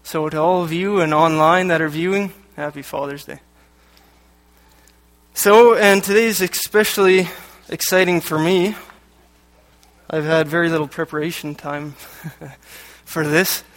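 A man's voice: on the high side, steady tone, a little slow, a bit bright. A man from Canada giving a sermon, reading passages aloud and adding joking asides between them. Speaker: lay preacher. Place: church hall. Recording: echoey hall with long reverb.

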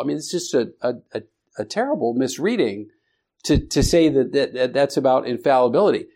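Man teaching a Bible class, halting. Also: a little high, sing-song, a little mellow. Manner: halting, with many restarts and fillers; asks the class questions, calls on students.

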